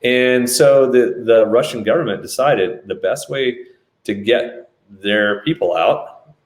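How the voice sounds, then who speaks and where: A man telling a dramatic story in a lively way, acting out the quotes. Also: medium pitch, slow, echoey room. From United States. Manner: animated, acts out quotes. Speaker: business leader telling a story. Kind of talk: storytelling talk.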